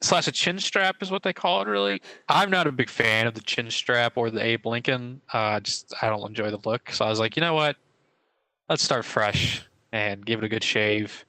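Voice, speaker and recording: A man's voice: mid-range voice, moderate pace, sharp tone, no echo, low-quality recording. A young man co-hosting a casual podcast, telling stories with lots of fillers and hedges. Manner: rambling storyteller, many fillers. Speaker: podcast co-host.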